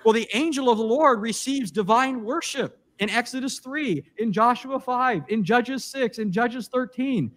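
High-voiced man arguing an emphatic rebuttal. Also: measured pace, few pauses, a bit bright. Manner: emphatic, argumentative, quotes scripture and Greek, frequent uh and restarts. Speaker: debater. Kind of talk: formal debate rebuttal.

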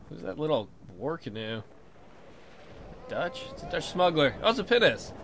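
A young man commentating his own game play casually, excitable and jokey, swearing often and talking back at the game. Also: fairly high pitch, unhurried, pauses often, slight background noise. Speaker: let's play host.

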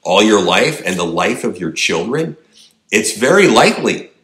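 A man's voice: lowish voice, very animated, normal speed, a bit bright, reverberant. A man delivering an emphatic opinion monologue, firing rhetorical questions at his audience. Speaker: political commentator.

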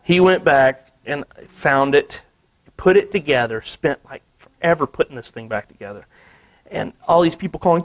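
A man from Missouri, an artist telling a story at a museum talk in an animated way, laughing often and saying "you know" a lot. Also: on the high side, normal speed. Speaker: artist giving a gallery talk. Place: museum lecture space.

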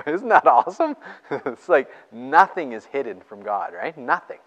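Excited man preaching in an echoing hall. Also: medium pitch, measured pace. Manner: excited, chatty, laughs between points. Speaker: pastor. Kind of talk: sermon with scripture reading. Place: church.

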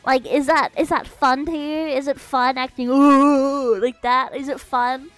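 A woman's voice: high voice, fairly even intonation, normal speed, fairly bright tone, dry recording, faint music behind, low-quality recording. A woman, streaming and ranting in casual, sarcastic, profane chat.

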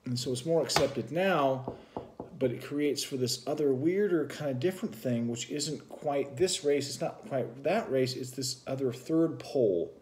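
A man's voice: medium pitch, measured pace, darkish tone, a little hiss or hum. A man co-hosting a vlog, talking casually and musing at length in a loose, rambling explanation. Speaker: vlog co-host.

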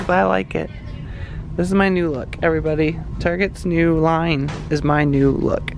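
A man's voice: on the high side, fairly even intonation, moderate pace, gravelly, background noise. A man vlogging in a casual, rambling, chatty way with lots of fillers. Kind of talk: casual vlog chat. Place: home, then a store.

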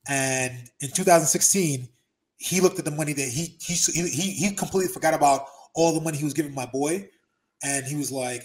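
A man in his thirties, a former pro wrestler, telling profane, lively stories as an interview guest. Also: a little high, fairly quick. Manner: animated storyteller, profane, acts out quotes. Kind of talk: casual storytelling interview.

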